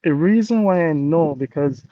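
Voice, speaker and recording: Jamaican man, higher-pitched voice, earnest motivational guest, dull dry call audio. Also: lively intonation, normal speed, no room sound. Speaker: interview guest, business owner. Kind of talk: casual testimonial talk.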